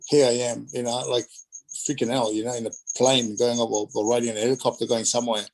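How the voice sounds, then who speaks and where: A man spins loose, rambling stories in a relaxed interview, doubling back and filling gaps with asides. His pitch sits in an ordinary middle range. The telling stays animated throughout. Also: quick pace, low-quality recording. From Australia. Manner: rambling, animated, lots of fillers. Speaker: guest, retired wrestler. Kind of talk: casual storytelling interview.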